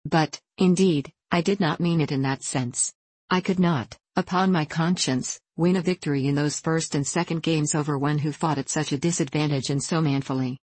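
A woman's voice: low-pitched, steady tone, moderate pace, a little mellow, breathy edge, no echo. A woman voicing a coy, sweet-spoken young woman in a storybook reading.

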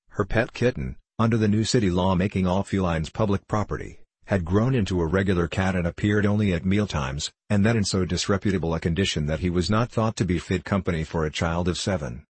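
A man with a husky voice reading a storybook as an audiobook narration in a measured way. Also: low-pitched, no echo.

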